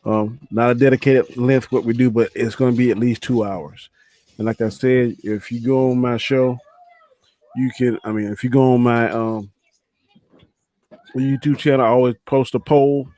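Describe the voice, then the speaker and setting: A man hosting a livestream chat show, talking in a relaxed way to his co-host and viewers. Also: mid-range voice, moderate pace.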